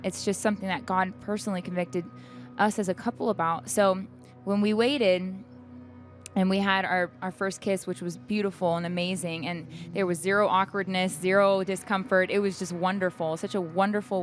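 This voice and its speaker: A woman's voice: lowish voice, steady tone, brisk, faint music behind. A young woman, a singer, chatting candidly in an interview and laughing often as she tells her stories. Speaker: guest singer. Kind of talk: casual interview chat. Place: backstage at an event.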